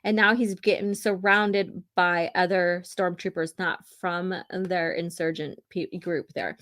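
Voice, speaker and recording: Reading comics along on her casual podcast, the host keeps things chatty, peppering her speech with "um" and "you know." She has a lowish, slightly bright voice, fairly even in intonation and measured in pace.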